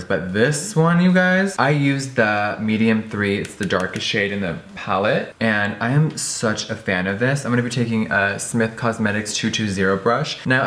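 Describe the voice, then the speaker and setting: A young man with a Californian accent, chatting through a makeup tutorial in a campy, animated way with playful asides. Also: fairly low pitch, reverberant. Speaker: beauty vlogger.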